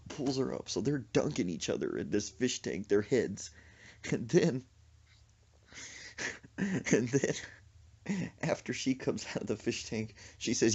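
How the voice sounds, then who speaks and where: A man tells a funny story with lots of acted-out sound effects. His voice swoops animatedly and has a husky edge. The recording sounds dull and lo-fi. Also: mid-range voice, expressive, measured pace, a little mellow. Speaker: podcast host. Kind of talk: comic storytelling.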